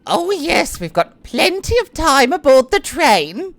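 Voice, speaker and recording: A coquettish aristocratic lady, her voice lilting far up and swooping with teasing delight, as a woman puts her on. She draws out her words slowly, in a dry, close sound. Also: sits high, very animated, no echo, voice pushed up, full character voice. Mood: flirtatious.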